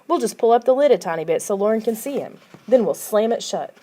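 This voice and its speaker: A woman reading the part of a playful prankster boy in a lively, mischievous way. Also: on the high side, fast talker, voice pushed up.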